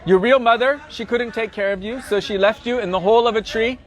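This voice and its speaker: A man's voice: sits high, brisk, close to an everyday voice. Man doing mocking cowherd boys, gossipy. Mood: teasing. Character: teasing band of young cowherd boys.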